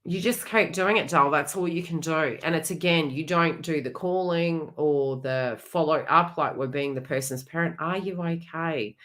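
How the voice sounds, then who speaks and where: A woman's voice: sits low, normal speed, few pauses, a bit bright. A middle-aged woman hosting a live psychic reading, talking in a chatty, blunt and frank way with some mild swearing. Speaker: psychic medium host.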